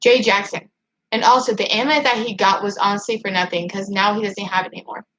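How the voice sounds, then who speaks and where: A woman talks straight to her livestream viewers and answers their chat comments as they come in. Her talk is a fast, frustrated rant, full of "like" and sentences she starts over. The voice sits at an ordinary pitch for a woman. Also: a little hiss or hum, poor audio. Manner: excitable and frustrated, heavy use of "like". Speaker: channel host reading live chat.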